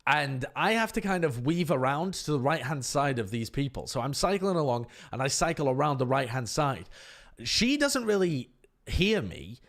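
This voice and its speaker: Man telling a lively anecdote. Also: mid-range voice, normal speed. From United Kingdom. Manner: animated, exasperated anecdote with voiced quotes. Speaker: streamer. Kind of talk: casual storytelling.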